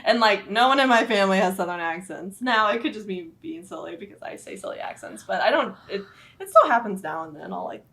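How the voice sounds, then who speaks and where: Brief: woman co-host, mid-pitched, chatty storyteller who giggles a lot. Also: expressive, a little fast, creaky, a bit bright. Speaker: podcast co-host. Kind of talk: casual chat.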